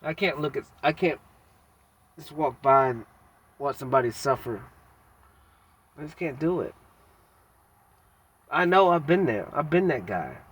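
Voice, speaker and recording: Husky-voiced man musing bluntly. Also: a little high, animated. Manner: halting, reflective, with frequent pauses and fillers; blunt and self-critical, casual slang. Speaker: vlogger. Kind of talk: candid personal monologue.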